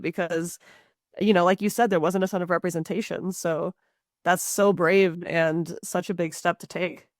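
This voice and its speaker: A woman hosting a podcast interview, speaking earnestly and encouragingly in halting phrases. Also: fairly low pitch, steady tone, no echo, studio quality. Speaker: podcast host. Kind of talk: casual interview.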